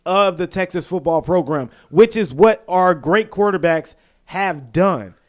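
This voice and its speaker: A man from the American South co-hosting a casual sports podcast, animated and quick to act out quotes and laugh. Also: high voice. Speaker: podcast co-host.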